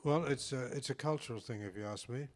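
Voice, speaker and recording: An older man with an Australian accent, co-hosting a casual chat and speaking in a halting way that repeats words. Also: medium pitch. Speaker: co-host.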